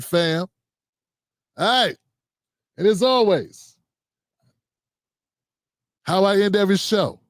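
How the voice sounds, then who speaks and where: Chatty man hosting a live show, high voice. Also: a little slow, long pauses, no echo, clean studio sound. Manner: loose, chatty, slangy, with lots of "man" and "fam". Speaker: livestream show host. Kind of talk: casual sign-off and comment shout-outs.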